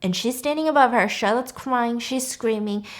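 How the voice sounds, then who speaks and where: A woman's voice: a little high, moderate pace. A woman vlogger retelling a story casually and expressively, cursing freely. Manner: expressive, chatty, swears freely.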